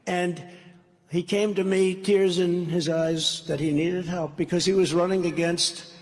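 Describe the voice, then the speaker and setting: A man's voice: high voice, steady tone, unhurried. A man giving a rambling, off-script campaign speech at a large rally, acting out dialogue as he goes. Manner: rambling, repetitive, acts out dialogue. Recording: long reverb of a big hall.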